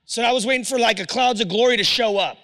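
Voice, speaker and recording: A man's voice: very high voice, quick pace, pushed and bright, long reverb tail. A man telling his personal testimony to an audience in a casual, slangy storytelling way. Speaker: speaker giving a personal testimony.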